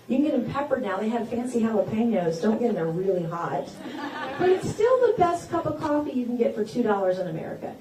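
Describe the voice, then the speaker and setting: A woman's voice: high voice, lively intonation, fairly quick, warm tone, a little hiss or hum. A woman in her forties gives a campaign stump speech, telling folksy personal stories that build to rousing declarations. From South Carolina. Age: 40s. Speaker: politician at a campaign town hall. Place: event hall with an audience. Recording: echoey hall, voice caught from a distance.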